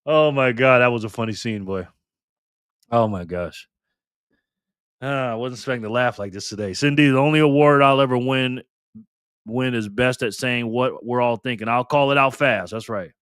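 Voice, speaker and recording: Spinning a prize wheel on his casual live stream, a man chats and cheerfully says hello to viewers by name. He speaks at a moderate pace in a mid-range voice that is fairly bright, clear, and resonant, with no echo and clean studio audio.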